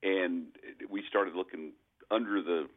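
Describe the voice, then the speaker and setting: Deep-voiced man on a tinny phone line. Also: steady tone, unhurried. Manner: chatty storyteller, easy laughs. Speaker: auctioneer. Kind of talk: casual radio chat.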